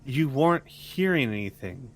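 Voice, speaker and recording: A man's voice: medium pitch, expressive, normal speed. A young man running a tabletop game as game master, easygoing and strict about the rules. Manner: easygoing, rules-minded, chatty.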